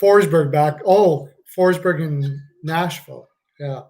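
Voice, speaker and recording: A man's voice: fairly high pitch, takes it slowly, a little mellow. A man hosting a live stream, reacting casually to a hockey game. He jokes, laughs a lot and swears freely.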